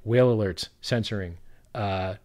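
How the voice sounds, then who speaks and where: A man in a loose, profane conversational rant, his voice jumping between loud exasperated bursts and low, grumbling asides. He mimics others sarcastically and swears in nearly every sentence. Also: normal speed. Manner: swears constantly, loud outbursts and sarcastic quotes. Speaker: crypto project founder, guest. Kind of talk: profane animated ranting in casual chat.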